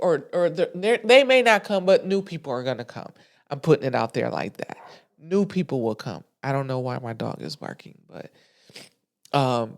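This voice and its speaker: Candid podcast host speaking from the heart. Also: mid-range voice. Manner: candid, emotional, colloquial with many restarts. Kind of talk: casual heartfelt monologue. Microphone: studio microphone.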